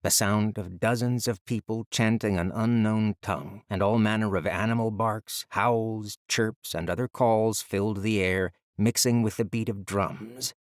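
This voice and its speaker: Male audiobook narrator, low-pitched, dramatic and measured, dry studio read. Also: fairly even intonation, no room sound. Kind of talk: scripted fantasy narration. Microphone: close studio mic.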